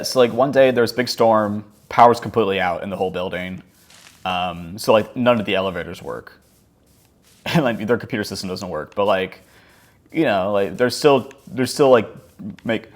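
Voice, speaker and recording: A man's voice: fairly low pitch, fairly quick. A man telling a casual story over gameplay, rambling along with many fillers like "like" and "um". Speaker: gaming channel host.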